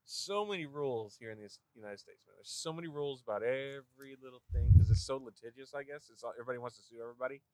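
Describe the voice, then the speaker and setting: A man's voice: medium pitch, racing, few pauses, darkish tone, no room sound. Chill guy cohosting a podcast, mid voice, laughs a lot, dry room sound. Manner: laid-back, laughs along, says man a lot. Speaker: podcast co-host. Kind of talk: casual chat.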